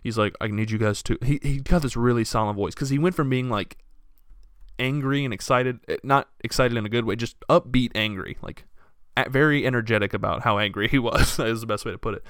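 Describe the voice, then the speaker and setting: In clean studio sound with no room echo, a young man hosts a solo podcast, speaking fairly quickly in a mid-range voice. He tells stories casually and with plenty of profanity, doing animated voices for the people he quotes.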